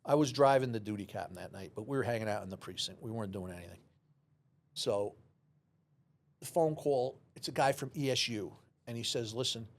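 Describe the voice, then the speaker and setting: A man, a former police officer, telling a lively story in an interview and acting out the voices. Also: on the low side, a little fast. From New York City. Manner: animated storyteller, acts out dialogue, many restarts.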